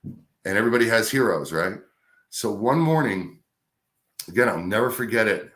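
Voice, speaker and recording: A middle-aged man, a radio host, telling a career story in a casual, animated way. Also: fairly low pitch, moderate pace. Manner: animated anecdote telling with acted-out quotes. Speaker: radio host, podcast guest.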